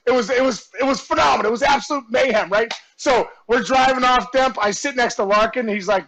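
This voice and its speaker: A man being interviewed, telling a story with animated energy, shouting out the punchlines, acting out other people's voices, and laughing often. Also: extremely high pitch, brisk, hardly any pauses, rough recording. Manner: lively, acts out quoted voices and shouts punchlines; laughs often, warm and effusive. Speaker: guest, former baseball player. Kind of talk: animated storytelling in casual chat.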